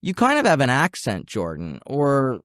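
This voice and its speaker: A man with an Ottawa Valley country twang hosting a podcast, a chatty storyteller who talks to his listeners in a casual, animated way. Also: medium pitch, normal speed, no room sound, clean studio sound. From Ottawa Valley region, Canada. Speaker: podcast host. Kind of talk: casual interview chat.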